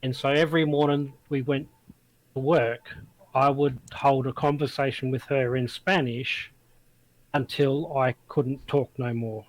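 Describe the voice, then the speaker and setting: A man's voice: medium pitch, fairly even intonation, unhurried, no room sound, low-quality recording. An Australian man chatting as a guest, plainspoken, with hesitant starts. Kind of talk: casual chat.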